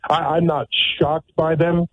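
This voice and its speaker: A man's voice: on the high side, little pitch movement, unhurried, dry recording. A man hosting a talk radio show, talking in a sarcastic, emphatic way and often repeating words. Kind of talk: opinionated talk radio monologue. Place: radio studio. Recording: tinny narrow-band radio audio.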